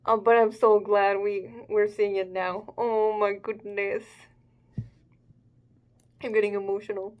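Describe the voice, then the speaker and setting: A woman's voice: mid-range voice, level tone, a little slow, pauses often, dull audio. A young adult woman giving casual reaction commentary, thinking aloud hesitantly with fillers as she hosts her own video. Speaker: manga reaction host.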